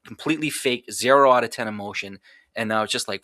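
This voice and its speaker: Blunt, swearing man with a bright voice. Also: mid-range voice, brisk, no room sound, studio quality. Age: adult. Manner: raw, blunt, heavy swearing, restarts. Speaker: podcast guest. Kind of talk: emotional personal storytelling.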